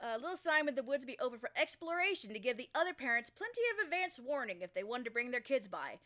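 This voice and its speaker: A young woman streamer reading a fan story aloud on a live stream, giggly and lively, stopping now and then to chat. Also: high voice, fast talker. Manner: giggly, lively reader who breaks off to chat.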